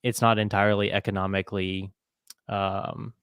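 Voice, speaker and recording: A man's voice: lowish voice, flat delivery, moderate pace, fairly bright tone, clear, resonant tone, dry recording, clean studio sound. A man co-hosting a casual podcast roundtable, explaining things in an easygoing way. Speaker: podcast co-host.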